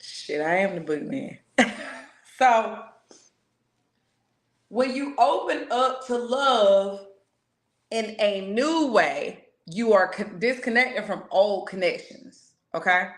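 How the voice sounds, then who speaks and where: A woman's voice: medium pitch, animated. Frank, emphatic woman in an echoey room. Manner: frank, profane, slow emphatic stretches on key words. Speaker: spiritual reader giving a message. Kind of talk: casual spiritual pep talk.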